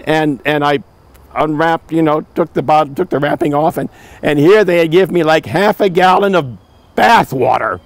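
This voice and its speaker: A man's voice: on the high side, normal speed, dry recording. A man in his seventies telling old stories in a rambling way, with many restarts and asides. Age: 70s. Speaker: returned volunteer telling stories. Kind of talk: oral history storytelling.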